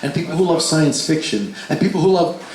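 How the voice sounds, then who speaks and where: A man telling a story live between songs, animated and swinging his pitch for the voices he quotes, swearing freely. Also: brisk, slight background noise. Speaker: stage performer telling a story. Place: large concert hall before a live crowd. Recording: echoey live hall with crowd.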